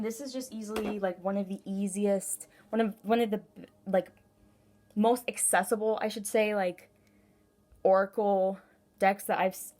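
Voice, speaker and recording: A woman's voice: medium pitch, darkish tone. Rambling, effusive woman reading tarot. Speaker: tarot reader. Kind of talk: casual intuitive tarot reading to camera.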